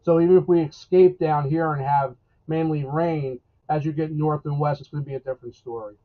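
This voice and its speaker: A New weatherman chats about the forecast in a rambling, folksy way, stopping and restarting his sentences. His voice sits a bit high for a man. It comes through a thin, tinny, phone-like line. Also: steady tone, fairly quick. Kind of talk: casual live interview.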